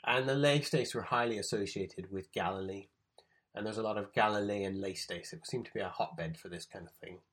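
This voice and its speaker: A man's voice: on the low side, moderate pace, fairly bright tone. A man teaching from the Gospels, explaining the text and reading passages aloud with emphasis. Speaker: preacher. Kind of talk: bible teaching talk.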